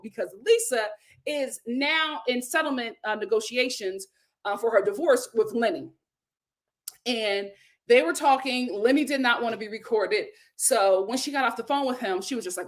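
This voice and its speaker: Woman doing a reality tv recap, kinda high voice, loud exclamations, repeats stuff for emphasis. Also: moderate pace. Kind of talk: casual TV recap commentary.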